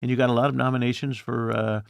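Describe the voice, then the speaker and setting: A gravelly-voiced man in his sixties hosts a podcast interview, recorded close and dry. He tells stories with energy and slips into the voices of the people he quotes. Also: mid-range voice, fast, dry recording. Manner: animated storyteller, acts out quoted voices. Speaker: podcast host. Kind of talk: conversational interview.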